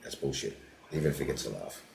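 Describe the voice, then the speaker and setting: An older man with an extremely deep, low voice, telling animated stories and sometimes dropping to a muttering aside. The room is echoey and has a faint hum of ambience behind him. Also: quick pace, gravelly. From Australia. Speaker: comedian guest. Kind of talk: casual interview storytelling.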